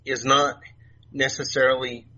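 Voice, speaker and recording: A middle-aged man telling stories as a podcast guest, soft-spoken and halting, with many fillers and restarts. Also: mid-range voice, little pitch movement. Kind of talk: casual storytelling interview. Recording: dull lo-fi remote audio, faint noise.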